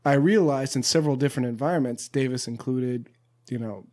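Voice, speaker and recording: A young man from Pasadena in casual conversation, telling a story in a relaxed way with many filler words. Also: medium pitch, brisk. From Pasadena, California. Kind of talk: casual chat.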